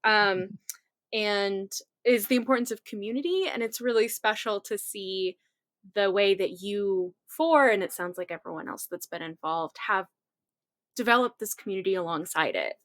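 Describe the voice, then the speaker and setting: A woman's voice: mid-range voice, moderate pace, a bit bright, no room sound, clean studio sound. A woman acting as a guest co-host, speaking sincerely in a casual interview.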